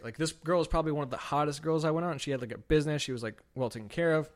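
A man's voice: fairly high pitch, racing. A young man hosting a podcast, telling a raw, unscripted personal story in casual, profane speech, full of "like" and quoted back-and-forth dialogue. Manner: casual, profane, heavy use of "like"; animated retelling with quoted dialogue. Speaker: podcast host.

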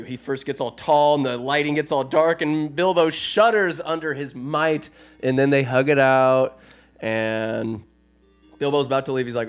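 A man's voice: medium pitch, fairly even intonation, normal speed, faint music behind. A man retelling a movie in a loose, crude, joking way, as a comedic host.

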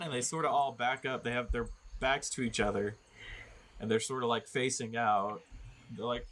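Bright-voiced male game master. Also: mid-range voice, fairly even intonation, moderate pace, a little hiss or hum. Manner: rambling, joking, many fillers. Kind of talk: narrating a tabletop game.

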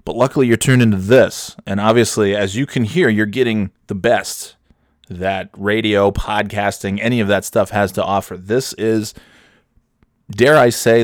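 A man's voice: lowish voice, no room sound, clean studio sound. A man in his thirties talking casually and profanely in a solo podcast, rambling and mocking himself. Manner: rambling, self-deprecating, profane. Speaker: podcast host.

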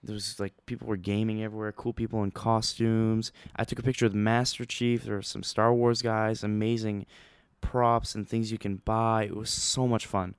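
Young man, low-pitched, smooth voice, rambling excitable storytelling, close dry mic. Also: normal speed, hardly any pauses, no echo. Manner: rambling, excitable, many fillers and restarts. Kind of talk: casual storytelling vlog.

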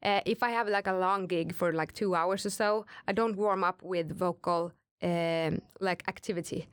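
Low-voiced woman singer, chatty. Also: moderate pace, smooth, no echo, studio quality. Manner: relaxed, chatty, many fillers and restarts. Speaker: rock singer, interview guest. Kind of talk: casual interview chat.

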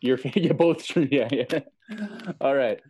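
A man co-hosts a casual podcast from a video call and runs a little headline-guessing game. His voice sits at an ordinary middle pitch, and his tone is easygoing. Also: takes it slowly, warm tone, a little hiss or hum, rough recording. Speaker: podcast co-host.

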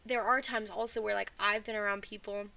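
Woman podcast co-host, casual filler-heavy chat, bright tone, sits back from the mic. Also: medium pitch, fairly even intonation, a little fast, creaky, distant mic. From not from the US South. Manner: chatty, many "like" fillers.

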